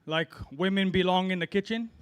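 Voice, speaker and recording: A man's voice: high voice, a little fast, clear, resonant tone. A middle-aged man from Hawaii doing a loose, rambling open-mic stand-up set. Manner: rambling, self-deprecating, loose delivery with fillers. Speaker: amateur stand-up comic.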